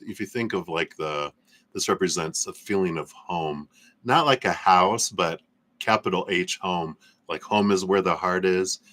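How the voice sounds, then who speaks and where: A man hosting a live tarot reading, speaking in slow, soothing affirmations with soft laughs. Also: on the low side. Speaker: tarot reader.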